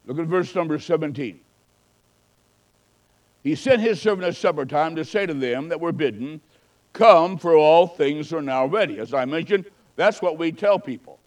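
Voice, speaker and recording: A man preaching a sermon with a higher-pitched voice. He swings between loud, fervent calls and quiet, hushed storytelling, in the manner of a travelling evangelist. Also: animated, moderate pace, low-quality recording.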